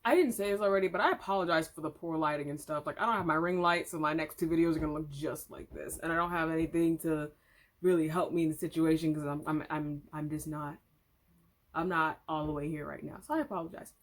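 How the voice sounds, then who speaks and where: A woman's voice: deep voice, fast talker. A woman vlogger at home retelling an online story in casual commentary, chatty, candid and opinionated. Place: home room.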